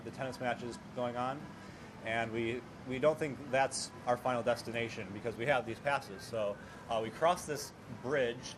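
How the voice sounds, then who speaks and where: A young man telling a travel story at a hostel in a measured way, pausing on many "uh"s. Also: mid-range voice. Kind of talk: casual storytelling. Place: hostel common area. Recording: noisy background.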